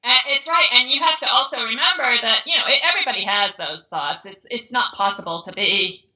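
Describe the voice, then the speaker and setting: Woman, podcast guest, earnest, reflective, bright voice, lo-fi recording. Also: a little high, fairly quick. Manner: earnest, reflective, with frequent restarts. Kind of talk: casual conversation.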